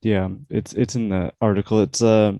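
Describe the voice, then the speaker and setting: A man co-hosting a podcast in casual chat, speaking hesitantly and haltingly. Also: lowish voice, flat delivery, warm tone, dry recording. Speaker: podcast co-host.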